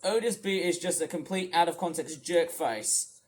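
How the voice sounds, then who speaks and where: A man with a high voice on an angry commentary rant. He scolds loudly in some stretches. In others he rambles, repeating words and restarting his sentences. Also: moderate pace. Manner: shouts scolding lines. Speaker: commentary ranter. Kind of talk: angry rant over stream footage.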